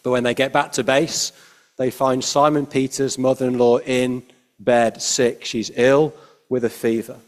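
A man preaching a sermon, measured and emphatic, his phrases falling quiet at the ends. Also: mid-range voice, little pitch movement.

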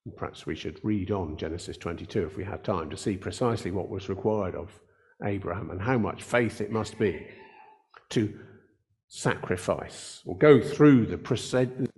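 Older man, pastor, earnest sermon delivery, slows to stress key words. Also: fairly low pitch, darkish tone.

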